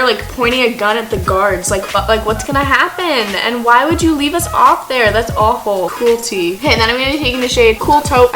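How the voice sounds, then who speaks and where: A young woman with a slightly high voice chats her way through a makeup tutorial. She rambles, cracks jokes and swears without thinking about it. Clear music plays underneath. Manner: rambling, swears freely, playful asides. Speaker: beauty vlogger.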